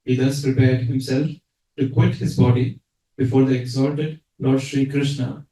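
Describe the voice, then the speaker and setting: A man reading a scripture translation aloud in a measured, formal way. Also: medium pitch, level tone, mellow. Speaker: scripture reader. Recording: echoey room, mic at a distance.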